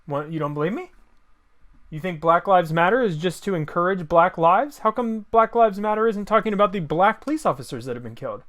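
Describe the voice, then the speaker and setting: A man's voice: high-pitched, lively intonation, fairly quick, fairly bright tone. A man delivering an opinion monologue, combative and sarcastic, firing off rhetorical questions. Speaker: political commentator.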